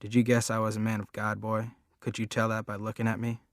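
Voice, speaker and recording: A man's voice: fairly low pitch, monotone, fast, dry recording, clean studio sound, close to an everyday voice. A man reading the part of a menacing ex-convict preacher father in an audiobook, with a sly, commanding drawl. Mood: scheming.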